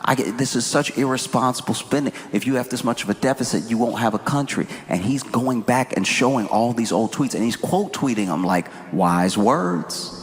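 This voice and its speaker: A man performing stand-up comedy, animated and incredulous, with big jumps in his voice. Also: medium pitch, moderate pace, few pauses. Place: comedy venue. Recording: live hall with audience noise.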